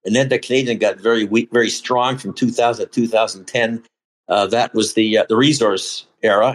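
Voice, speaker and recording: A man's voice: on the low side, rough recording. A man speaking as a podcast guest, casually talking through market charts and often restarting and correcting himself mid-sentence.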